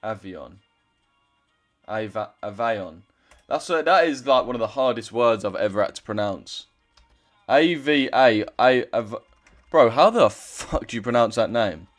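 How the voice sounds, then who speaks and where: A man's voice: mid-range voice, animated, normal speed, faint music behind. A young man chatting casually on a trading livestream, loose and chatty, swearing now and then as he reads out chat.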